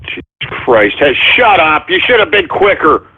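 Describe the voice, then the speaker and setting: A man's voice: on the high side, big pitch swings, normal speed, slightly rough. A man hosting a call-in radio show, ranting angrily and swearing at his callers. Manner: angry ranting, swears a lot. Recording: tinny phone-like broadcast audio.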